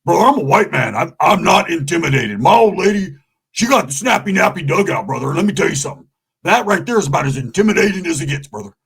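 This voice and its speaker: A man voicing a loud, brash white man who swaggers and keeps calling people brother. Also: high-pitched, sing-song, gravelly, slightly rough, exaggerated voice. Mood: belligerent. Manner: swaggering, belligerent, drawn-out "brother".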